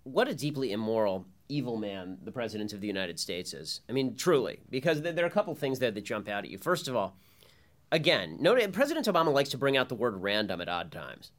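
Male host, punchy monologue delivery, biting sarcasm, middle pitch. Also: sing-song, fairly quick, fairly bright tone. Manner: emphatic, sarcastic, rhetorical questions. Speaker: political commentator host. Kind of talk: opinion commentary monologue.

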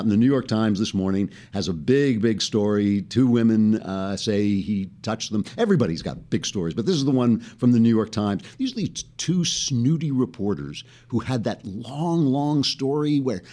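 A man's voice: on the low side, lively intonation, normal speed, few pauses, warm tone. A man hosting his own political comedy show, delivering a satirical monologue in a sardonic manner. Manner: sardonic, breaks into laughter.

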